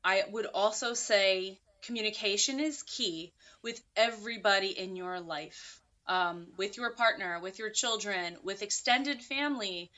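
Bright-voiced woman on muffled audio. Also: mid-range voice, a little slow, few pauses. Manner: earnest, thinks aloud with many fillers. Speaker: podcast guest. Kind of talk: casual interview chat.

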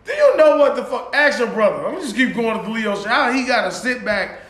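A man co-hosting a podcast, telling animated stories in casual chat, acting out what people said and laughing often. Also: very high-pitched, fast, roomy sound. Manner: animated storytelling with acted-out quotes and frequent laughter. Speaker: podcast co-host.

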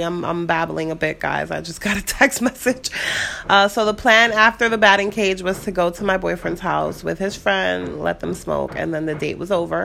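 A young woman with a New York City accent, rambling through a story in a casual, animated way and swearing freely. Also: lowish voice, vocal fry, slight background noise. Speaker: vlogger.

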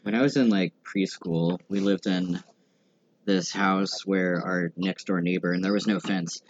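A man with a very low voice chats calmly, in a laid-back and slightly wry manner. The audio sounds a little muffled. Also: a little slow, dry recording. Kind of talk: casual chat.

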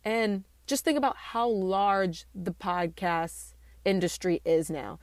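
A woman in her late twenties hosting a casual solo podcast, chatty and playful, joking at herself with quick asides, recorded in a small home studio room. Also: medium pitch, darkish tone, dry recording. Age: late 20s. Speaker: podcast host.

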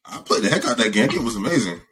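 A man's voice: on the low side, lively intonation, racing, a bit bright, breathy edge. A young man co-hosting a podcast, chatting casually and complaining playfully. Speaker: podcast co-host. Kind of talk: casual chat.

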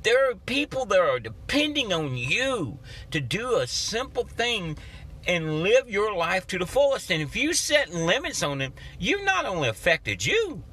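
A man's voice: sits high, very animated, measured pace, bright, forceful tone, husky. A man hosting a motivational podcast, talking in a folksy, preacherly way and acting out his own inner voices. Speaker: podcast host.

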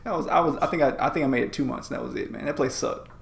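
A man's voice: mid-range voice, racing, creaky, reverberant. A man in his thirties, a podcast co-host chatting casually in a laid-back, rambling way. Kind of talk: casual chat.

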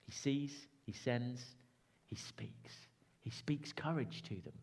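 A man preaching a sermon, with dramatic rises and hushed drops. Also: medium pitch, slow.

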